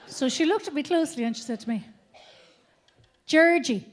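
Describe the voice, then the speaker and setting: A woman's voice: sits high, lively intonation, rapid-fire, crowd noise, noisy background. An Irish woman doing a live stand-up routine on a theatre stage, brash and profane, telling stories with lots of animation. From Ireland. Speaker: stand-up comedian.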